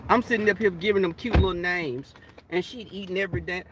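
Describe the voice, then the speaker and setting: A man's voice: high voice, fast talker, noisy background. A man with a cold telling funny stories in a laughing, salty-mouthed way on his livestream. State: has a cold. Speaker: livestream host. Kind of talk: casual storytelling.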